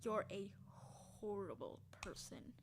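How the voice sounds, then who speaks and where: A woman playing a text adventure, reading the story aloud in a hushed voice and breaking into loud, excited reactions. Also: medium pitch, slow pace, background noise. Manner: reads narration quietly, bursts into loud excited reactions. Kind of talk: casual let's-play narration.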